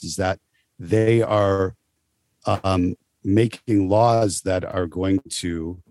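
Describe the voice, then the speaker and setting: A man on a podcast debating, measured and hesitant, with many fillers. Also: deep voice, a little mellow, no room sound. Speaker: podcast guest. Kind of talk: casual debate chat.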